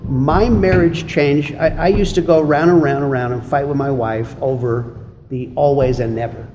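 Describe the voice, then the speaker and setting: Animated man preaching in an echoey hall. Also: mid-range voice, normal speed. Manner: animated storyteller who acts out quarrels and laughs often. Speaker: pastor or church teacher. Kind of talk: church lesson answering questions. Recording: echoey hall with background noise.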